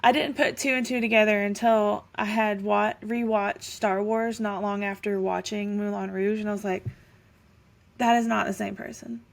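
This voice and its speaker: A woman's voice: medium pitch, flat delivery, moderate pace, vocal fry, few pauses. A woman co-hosting a podcast, chatting casually and thinking aloud with many fillers. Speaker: podcast co-host. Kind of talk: casual chat.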